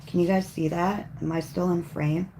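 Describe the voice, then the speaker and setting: A woman hosting a live coloring stream, chatting casually in a rambling way and often clearing her throat as she works. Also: fairly low pitch, fairly even intonation, normal speed, mellow, a little hiss or hum. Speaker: coloring livestream host. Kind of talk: casual livestream chat while coloring.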